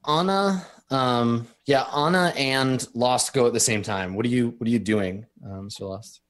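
A man narrating as game master of a tabletop game, with a halting, filler-heavy way of talking. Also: medium pitch.

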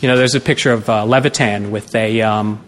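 A man's voice: fairly low pitch, fairly even intonation, a little fast, a bit bright, slight background noise. A man guesting on a podcast in casual chat, riffing absurd jokes with stammering restarts. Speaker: podcast guest, co-host of his own show.

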